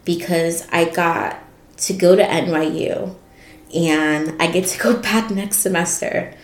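A woman's voice: lowish voice, steady tone, takes it slowly. A woman in her twenties hosting a podcast, talking candidly and confessionally in a reflective personal monologue, swearing now and then. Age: 20s. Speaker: podcast host. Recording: roomy echo.

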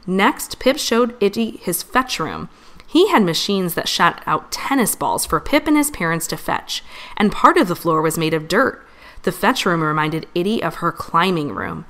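A woman reading a children's storybook aloud, gentle and expressive. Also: lowish voice, moderate pace. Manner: gentle, expressive, lively voice changes for characters. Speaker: storybook reader.

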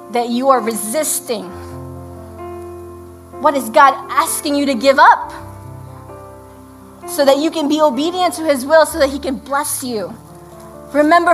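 High-voiced woman preaching a sermon. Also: poor audio. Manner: earnest, slows for scripture, prays softly. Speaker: pastor's wife preaching.

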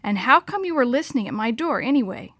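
A woman's voice: fairly high pitch, expressive, fast, fairly bright tone, no echo. A woman voicing a defensive big brother. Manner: defensive, casual. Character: defensive older brother, a boy.

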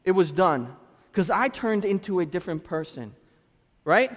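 A man in his thirties from Lynn, Massachusetts, with a Boston-area accent, preaching a sermon as a pastor through animated storytelling with street slang. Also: high-pitched, normal speed. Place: church sanctuary. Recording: reverberant church hall.

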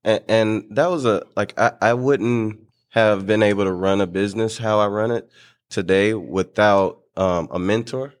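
Man guest, low voice, relaxed and easy, laughs a lot. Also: normal speed. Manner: relaxed, many fillers, laughs easily. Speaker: guest, business owner. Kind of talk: casual interview chat.

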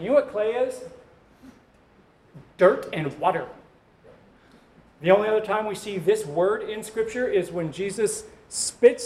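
A man's voice: high-pitched, a little mellow. A male pastor preaching a sermon in a conversational way, with joking asides to the congregation.

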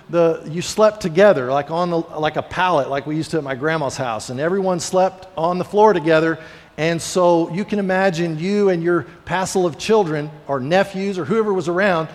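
A male pastor delivers a sermon in an easy, conversational manner, slipping into lively acted-out quotes as he tells stories. His voice sits somewhat high for a man. The room carries a long, echoing reverb.

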